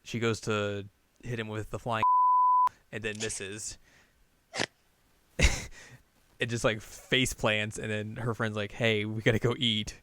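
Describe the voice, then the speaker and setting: A man co-hosting a podcast, casually recapping a film in a rambling, animated way and acting out the characters' lines. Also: fairly low pitch, slow pace, pauses often, a little hiss or hum. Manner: rambling, animated retelling with acted-out quotes. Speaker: podcast co-host.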